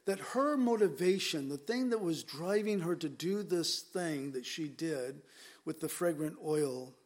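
A male pastor with a slightly higher-pitched voice, preaching in an emphatic, conversational way. He leans on rhetorical questions as he works through the verses. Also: a little mellow. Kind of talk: expository sermon.

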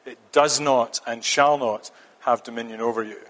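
A man's voice: medium pitch, fairly even intonation, normal speed, fairly bright tone. A man preaching a sermon, earnest and emphatic, often repeating a phrase for stress. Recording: long reverb of a church hall.

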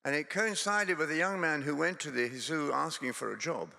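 Gravelly Scottish preacher in a church. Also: male voice, a little high, moderate pace, pushed and bright, big-room sound. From Scotland. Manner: conversational, self-deprecating, digressive. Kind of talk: sermon with humorous storytelling.

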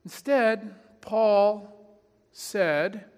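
A man's voice: high-pitched, animated, measured pace, fairly bright tone, in a large hall. A man, a pastor, preaching a sermon in a conversational, self-deprecating way, acting out imagined voices.

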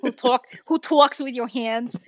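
A woman from New York co-hosting a casual chat podcast, animated and teasing, laughing often. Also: a little high, a little slow, no room sound. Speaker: podcast co-host.

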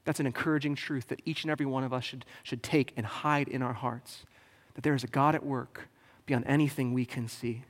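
A man's voice: mid-range voice, fairly even intonation, fairly quick, hardly any pauses. A male pastor preaching a sermon in a casual, joking, conversational way. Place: church sanctuary. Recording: long hall reverb.

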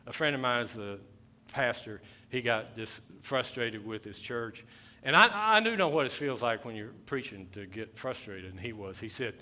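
A male pastor preaching a sermon, repeating his phrases and rising to loud, emphatic bursts. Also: medium pitch. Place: church sanctuary.

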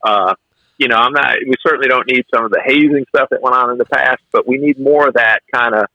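A man's voice: medium pitch, fast, no room sound, dull audio. A man who is a fire officer, telling stories in a conversational interview and acting out the lines of the people in them. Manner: animated storyteller who acts out quotes.

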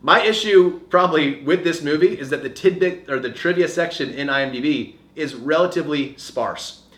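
A man's voice: fairly high pitch, moderate pace, a bit bright, roomy sound. A young man co-hosting a podcast, telling long rambling stories with a chuckle, in casual chat. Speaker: podcast co-host.

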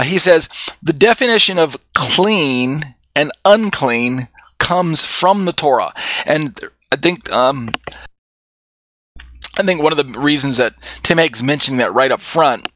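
A man's voice: medium pitch, a bit bright, dry recording. Bible study teacher, man, mid voice, dry close sound, explanatory with fillers. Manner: explanatory, with frequent fillers and restarts.

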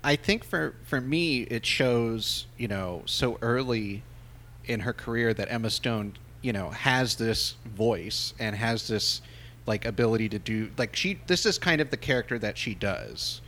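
A man's voice: mid-range voice, lively intonation, measured pace, pushed and bright. Man musing on a film, faint hiss. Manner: thoughtful, builds points with many fillers. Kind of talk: casual movie chat.

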